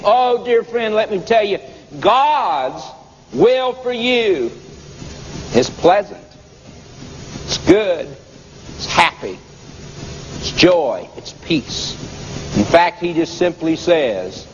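A preacher telling a Bible story in an emphatic, repetitive sermon style. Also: male voice, fairly high pitch, lively intonation, takes it slowly, pauses often, noisy background. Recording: dull lo-fi tape with long reverb.

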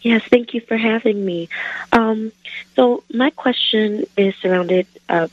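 A woman calling in to a radio show, asking a Bible question hesitantly with many pauses. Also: a little high, no room sound. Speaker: caller. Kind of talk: call-in question. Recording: dull phone line.

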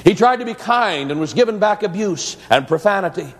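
High-voiced preacher in an echoing church. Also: male voice, expressive, fairly quick. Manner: dramatic, earnest storytelling that swells into prayer. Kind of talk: storytelling sermon. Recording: echoey church hall.

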